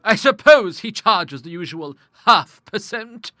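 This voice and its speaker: A man voicing a stern, grim older woman in an audiobook, speaking with forceful scorn. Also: high voice, big pitch swings, slow pace, no echo, studio quality, voice pushed up, heavily acted. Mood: brisk. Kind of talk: audiobook character voice.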